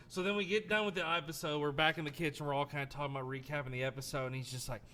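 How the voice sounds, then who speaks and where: A young man hosting a podcast, telling a story with lively acted-out quotes. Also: on the high side, fast, slight background noise. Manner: animated storyteller acting out quotes. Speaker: podcast host. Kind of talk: casual storytelling chat.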